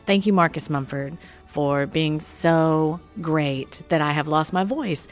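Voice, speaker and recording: A woman with a Texan accent hosting a podcast, chatting casually in a hoarse, croaky voice from a cold. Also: sits low, slow pace, faint music behind. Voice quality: froggy, croaky. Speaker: podcast host. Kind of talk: casual chat.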